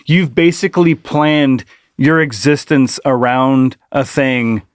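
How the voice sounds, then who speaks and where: Male co-host, mid-pitched, dry close sound, easygoing drawl. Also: steady tone, slow pace, no echo. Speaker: podcast co-host. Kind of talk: casual chat.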